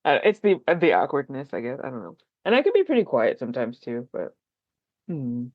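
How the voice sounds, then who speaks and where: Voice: medium pitch, wildly swooping pitch, fairly quick, no room sound, dull audio. A writer chatting on a podcast, rambling and self-deprecating, full of likes and ums. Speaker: podcast guest, fellow writer. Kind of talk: casual podcast conversation.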